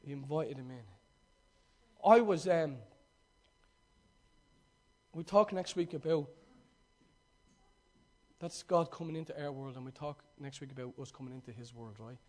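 A man's voice: fairly high pitch, measured pace, pauses often, darkish tone. A male preacher giving a sermon, retelling a story with emphatic repetition and direct questions to the congregation.

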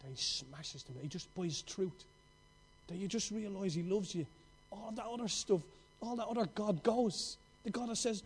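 A middle-aged man preaching a sermon with passion, telling stories and swinging between loud outbursts and hushed moments. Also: high voice, huge pitch swings, normal speed, breathy edge.

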